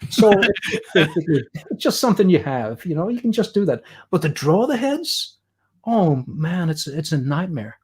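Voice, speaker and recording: Irish man, fairly high voice, chatty, explains as he draws, livestream demo. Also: very animated, moderate pace, darkish tone, slightly rough. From Ireland. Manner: chatty storyteller, explains while drawing. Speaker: guest artist. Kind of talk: drawing demo chat on a livestream.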